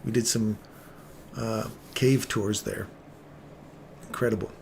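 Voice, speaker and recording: A man's voice: fairly low pitch, steady tone, slow pace, vocal fry, darkish tone, slight background noise. A man hosting a live trading stream, chatting casually and joking with viewers by name.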